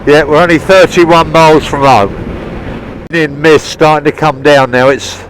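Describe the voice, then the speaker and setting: A man's voice: a little high, steady tone, unhurried, low-quality recording. A middle-aged man chatting cheerfully on a motorbike ride, commenting as he goes, recorded outdoors on a helmet mic. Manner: chatty, cheerful, talking while riding. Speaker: motorbike vlogger. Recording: wind noise on the mic.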